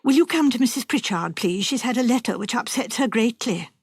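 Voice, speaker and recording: A woman reader voicing a shrewd, practical nurse in a storybook reading, brisk and matter-of-fact. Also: a little high, expressive, breathy edge, no room sound, studio quality.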